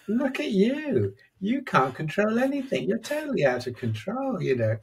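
Man doing a high mocking inner critic, scornful, taunting, jumpy pitch, gravelly edge. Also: wildly swooping pitch, moderate pace, heavily acted. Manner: taunting, sneering.

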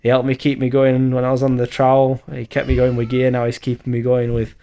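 Speaking at medium pitch in a flat, fast delivery, this thirtysomething bricklayer has a dark, clear and resonant voice. His vlog voiceover rambles along with plenty of fillers and a stray swear, and he sounds tired from too little sleep.

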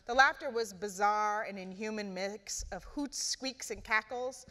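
Woman reading her book out loud at a live event, steady and expressive, roomy hall echo. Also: mid-range voice, a little slow. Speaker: author reading from her novel.

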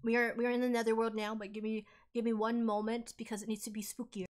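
A woman streamer narrating casually as she plays, animated and rambling, with plenty of swearing. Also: on the high side, quick pace.

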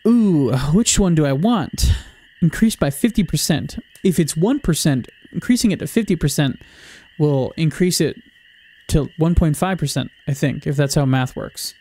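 A man talks through his farming game in a loose, offhand way, cursing freely and wandering off on silly tangents. His voice sits a little higher than most men's. He keeps a light, joking tone the whole time. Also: lively intonation, normal speed, mellow. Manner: joking, swears freely, rambling asides. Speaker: gaming video creator. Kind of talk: casual gameplay commentary.

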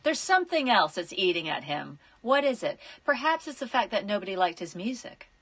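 An American woman in her fifties, a radio guest chatting casually, animated and enunciating clearly with restarts. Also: mid-range voice, fairly quick. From United States.

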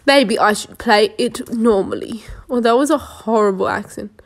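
A woman's voice: on the high side, normal speed. A woman giving casual, sarcastic running commentary while playing a police game, joking and talking to herself.

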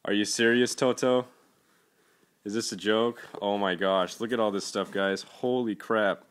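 A young man speaking in a casual unboxing vlog, earnest and halting, often lost for words and breaking into gushing exclamations. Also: lowish voice, steady tone, a bit bright, clear, resonant tone. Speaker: toy collector vlogger.

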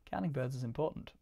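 A man talks his way through a game stream in a rambling, offhand chat and laughs often. His voice sits at a middle pitch with a gravelly, fry-touched texture. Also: mellow. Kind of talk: casual chat while gaming.

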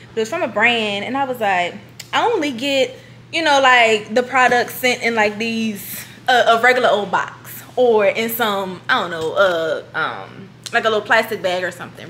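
A young woman chatting casually on her vlog, excitable and giggly, repeating herself as she talks. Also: mid-range voice, slight background noise. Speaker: beauty vlogger.

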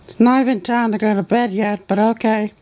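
A mellow, unforced voice plays a touchy plush animatronic fox in a homemade toy skit, the performer barely changing their own voice. The talk is plain and exasperated, full of complaints about being babied. Nothing is pushed or theatrical. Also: medium pitch, fairly even intonation, brisk, close to an everyday voice.

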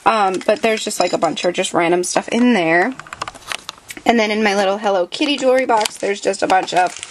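A young woman chats her way through a tour of her own bedroom, rambling and dropping plenty of fillers as she goes. She films on a handheld camera while moving around the room, and her voice sits at an ordinary middle pitch. A faint hiss of noise runs underneath. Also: brisk. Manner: chatty, rambling, many fillers. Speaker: vlogger.

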